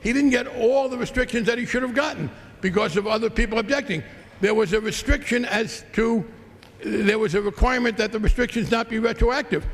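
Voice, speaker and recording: The voice here is extremely high-pitched, brisk and fairly bright, belonging to a congressman making a combative, sarcastic rebuttal in floor debate. Long reverb from the large legislative chamber colors the recording.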